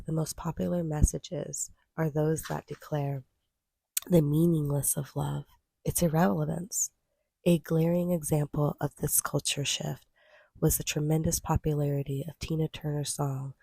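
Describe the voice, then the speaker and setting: A woman reads nonfiction aloud at a measured, steady pace. Her voice is low-toned and mellow with a gravelly edge. It has a slightly husky grain, and the sound is close and dry. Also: no echo. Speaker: audiobook reader. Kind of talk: scripted nonfiction reading.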